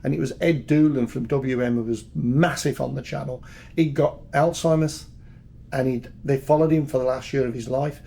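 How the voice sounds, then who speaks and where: An older man with a Birmingham accent appears as a podcast guest, sharing candid, jokey stories from a long career in music and PR. His medium-pitched voice is gravelly and warm, with fairly even intonation and normal speed, and he's chatty, repeating words as he goes.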